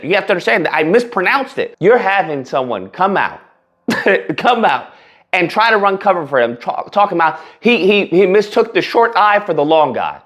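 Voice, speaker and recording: A man hosting a casual reaction commentary, talking in an animated, mocking way and breaking into laughter. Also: high voice, a little fast. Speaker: commentary channel host.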